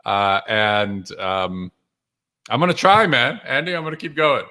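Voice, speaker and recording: An energetic man hosts a live stream and speaks straight to his viewers, greeting them by name. His voice is bright and forward, and his delivery is upbeat, loose and full of fillers and quick restarts. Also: medium pitch. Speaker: author and livestream host. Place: home or office with books behind him.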